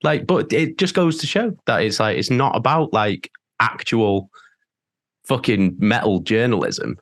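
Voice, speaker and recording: A man's voice: on the low side, sing-song, unhurried, no echo, studio quality. A man with a northern English accent, a band member talking as a podcast guest in blunt, sweary, fired-up rants. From England. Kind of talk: podcast interview.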